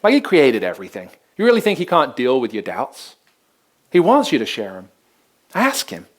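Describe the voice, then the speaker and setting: A man's voice: mid-range voice, huge pitch swings, normal speed. A male pastor preaching a sermon in an earnest, conversational way, often repeating words as he begins a sentence.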